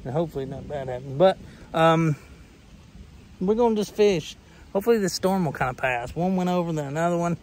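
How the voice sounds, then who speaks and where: A man's voice: on the high side, a little fast, a little hiss or hum, poor audio. A man in his late thirties with a Southern US accent, chatting and joking to camera while fishing outdoors on a lake. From Tennessee, United States. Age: late 30s. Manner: chatty, rambling, jokey, laughs nervously. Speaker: fishing vlogger. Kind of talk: casual running commentary to camera. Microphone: action camera. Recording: loud rain on an action camera. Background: heavy rain.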